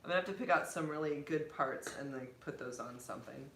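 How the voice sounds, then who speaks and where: A woman's voice: low-pitched, fast, a bit bright. A woman co-hosting a casual live stream, chatting and laughing often. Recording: echoey room with faint background noise.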